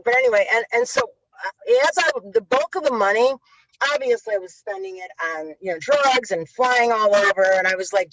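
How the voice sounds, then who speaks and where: A woman guest on an interview, telling stories in a casual, animated way and acting out quotes with lots of swearing. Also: mid-range voice, no echo. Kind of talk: casual storytelling. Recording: dull lo-fi sound.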